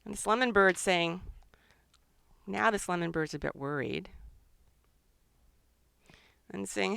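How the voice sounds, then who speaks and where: A middle-aged woman, a children's author and illustrator, chatting excitedly and thinking aloud during a live drawing session for kids. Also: medium pitch, a little slow, gravelly, long pauses, clean tone, dry recording.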